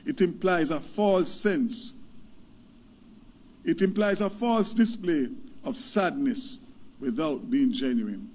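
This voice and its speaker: A Jamaican man gives a mocking political speech and reads definitions aloud. His voice sits fairly high. The clip carries a faint noise underneath. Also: expressive, slow pace, darkish tone.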